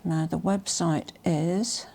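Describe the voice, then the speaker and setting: A woman vlogger presenting a haul in a casual, gushing and emotional way, often dropping to soft whispers. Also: fairly low pitch, steady tone, slow, gravelly, breathy edge. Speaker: fashion vlogger.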